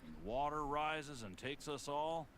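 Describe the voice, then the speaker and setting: An actor playing a calm townsman in a game, telling an old story in a dreamy, storytelling way. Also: fairly high pitch, measured pace, crowd noise. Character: calm man who believes the sea is home. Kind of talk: game voice acting.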